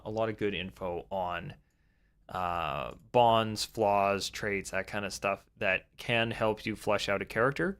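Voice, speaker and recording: A man's voice: fairly low pitch, a bit bright. A young man giving casual, rambling advice about tabletop role-playing, with frequent fillers and restarts. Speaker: tabletop game YouTuber.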